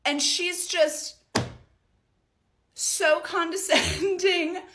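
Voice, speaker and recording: A woman from Northern Michigan telling a story in a casual vlog, exasperated and animated, acting out what others said. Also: very high-pitched, very slow, noisy background. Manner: exasperated, animated retelling with mimicked quotes.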